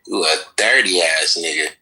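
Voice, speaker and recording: A man's voice: low-pitched, normal speed, sharp tone, low-quality recording. A man hurling crude insults at a rival in an online audio chat room, mocking and scornful.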